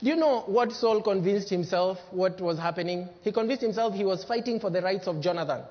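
A man preaching a sermon as pastor, emphatic, swinging between loud bursts and hushed lines. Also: high-pitched, brisk. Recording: dull lo-fi sermon recording with long hall reverb.

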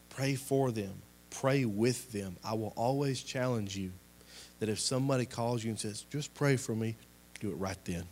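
Over a little hiss or hum, a young adult man with a mid-range voice preaches a sermon and leads a closing prayer. His delivery is impassioned, swelling and dropping in volume, full of repeated exhortations.

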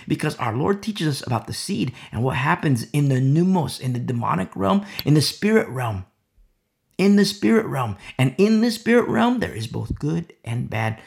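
A man preaching a sermon, emphatic and repetitive, swinging from loud to hushed. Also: medium pitch, creaky.

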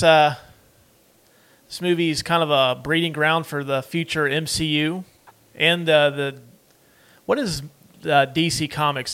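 A man's voice: fairly high pitch, pushed and bright, smooth. Rambling man co-hosting a watch-along. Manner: loose and rambling, heavy on fillers. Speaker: podcast co-host. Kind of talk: casual movie watch-along chat.

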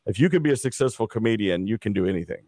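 A middle-aged man from Dallas telling stories in a casual interview, lively and acting out the people he quotes. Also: on the low side, very fast, no room sound, clean studio sound. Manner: animated anecdote teller, acts out quoted people. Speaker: interview guest.

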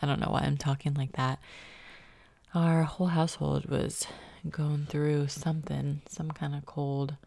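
Low raspy-voiced woman, half-whispering. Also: flat delivery, measured pace, warm tone, dry recording. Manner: upbeat, encouraging, laughs at herself. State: a little stuffy from a cold. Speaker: podcast host. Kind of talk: motivational solo podcast talk.

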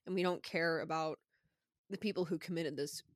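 A young woman co-hosting a podcast, tearful and crying as she talks, halting and apologetic. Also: deep voice, fairly even intonation, no echo, clean studio sound. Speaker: podcast co-host. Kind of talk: casual chat.

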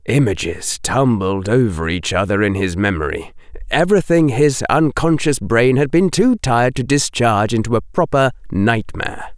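A man narrating an audiobook in a steady, expressive storytelling manner. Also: mid-range voice, moderate pace, dry recording, studio quality. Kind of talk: scripted narration.

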